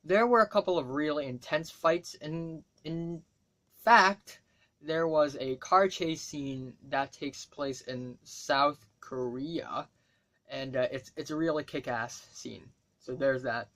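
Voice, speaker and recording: A man's voice: on the high side, slow pace, a bit bright. Man casually reading his movie review. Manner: casual, chatty, with fillers and self-asides. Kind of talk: reading a written review aloud.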